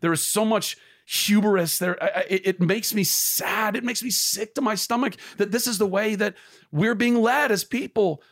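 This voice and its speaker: A man's voice: high-pitched, moderate pace, a bit bright. A man talking as a podcast guest in a candid conversation, earnest and impassioned, restarting phrases as he searches for words.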